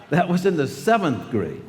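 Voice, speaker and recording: A man's voice: a little high, darkish tone. A man in his sixties giving a storytelling speech to students in a large school hall, acting out the voices of people in his stories. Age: 60s. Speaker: guest speaker. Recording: long hall reverb.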